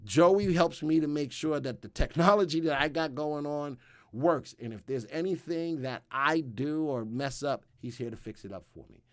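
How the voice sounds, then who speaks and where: A man's voice: a little high, normal speed, dry recording, clean studio sound. A man hosting a live stock market show, talking casually and rambling with fillers and asides. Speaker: livestream host.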